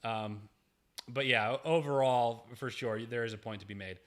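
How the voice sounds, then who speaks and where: A man's voice: mid-range voice, moderate pace. A man hosting a casual livestream, reading viewer chats aloud in a chatty, joking, self-deprecating way. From United States.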